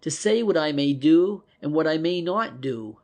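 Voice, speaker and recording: A dignified young woman bristles with haughty scorn, as a male narrator puts her on in a raised, gravelly tone. The storybook reading is loud and pointed. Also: a little high, animated, normal speed, pitched above the performer's own voice. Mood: indignant.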